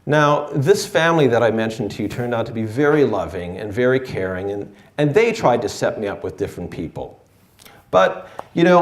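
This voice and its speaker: Wry man telling a story in an echoey room. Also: mid-range voice. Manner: wry, self-deprecating delivery. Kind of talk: live personal storytelling.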